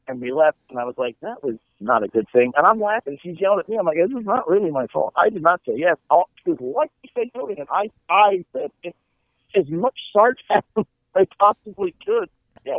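A middle-aged man, a comedian, tells a story in a casual chat, his fairly high voice swinging widely as he acts out each person in it. The sound is thin and phone-like, with a dry, close feel. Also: a little fast, dry recording. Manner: animated, acts out quotes in character voices. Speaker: comedian guest. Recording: tinny phone-like line, dry.

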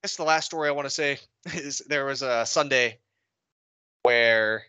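Bright-voiced young man telling army stories. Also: mid-range voice, measured pace, clean tone, no echo, highs cut off. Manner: animated storyteller, swears freely, laughs while talking. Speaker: podcast co-host. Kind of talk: casual chat, swapping army stories.

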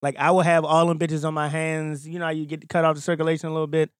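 A man's voice: on the high side, little pitch movement, fast, clear, resonant tone, dry recording, clean studio sound. A man co-hosting a podcast in casual chat, blunt and emphatic with plenty of profanity. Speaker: podcast co-host.

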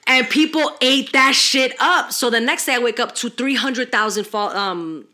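A woman's voice: a little high, moderate pace. A young woman hosting a podcast, telling stories in casual chat with lots of swearing and slang. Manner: animated storytelling, heavy swearing, slangy. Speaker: podcast host.

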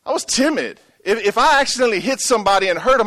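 A man's voice: sits high, lively intonation, racing, pushed and bright. A middle-aged pastor preaching a sermon, telling a story and calling out to his congregation for a response.

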